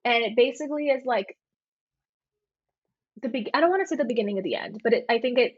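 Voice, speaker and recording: A young woman talks through a story in a casual podcast chat, scattering "like" through every sentence. Her voice sits a bit high and sounds husky, and the recording is dull and dry. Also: fast, no room sound. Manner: animated storytelling with many "like" fillers. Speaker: podcast co-host.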